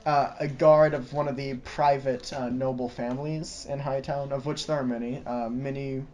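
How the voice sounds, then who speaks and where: A man's voice: medium pitch, steady tone, normal speed, a little mellow, a little hiss or hum. A young man narrating as game master of a tabletop game, rambling with lots of ums and hedging words. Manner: rambling, full of ums and sorta.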